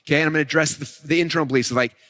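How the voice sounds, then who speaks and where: A man teaching a live marketing session, fast and energetic, often acting out customers' thoughts. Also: on the high side. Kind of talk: live event teaching talk.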